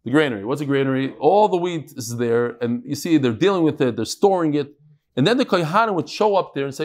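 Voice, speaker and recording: A man giving a live Talmud lecture to a study hall, lively and joking, freely mixing in Hebrew and Aramaic terms. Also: a little high, fast. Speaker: Talmud class teacher.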